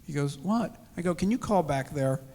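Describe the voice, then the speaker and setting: A retired man in his sixties with a gravelly, fairly high voice tells an emotional personal story and acts out every exchange. His words ring with the long reverb of a large hall. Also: brisk, darkish tone. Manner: emotional storytelling, acting out dialogue. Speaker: interview guest. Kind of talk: personal testimony. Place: church sanctuary.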